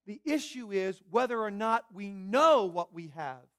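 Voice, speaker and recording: A man's voice: high voice, lively intonation, measured pace, a bit bright. A man preaching a Sunday morning sermon as pastor, emphatic, repeating phrases and asking the congregation questions.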